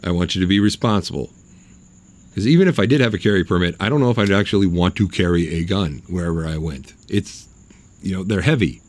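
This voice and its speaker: A low-voiced man talks fast as he hosts his own podcast. His solo monologue is opinionated, and he delivers it bluntly, with sarcasm and mockery.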